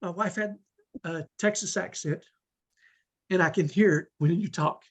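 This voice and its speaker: Earnest middle-aged man, husky voice. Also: sits high, unhurried. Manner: earnest, emphatic, often adds a "right?". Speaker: host of online parenting training. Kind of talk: live webinar talk. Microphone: video call.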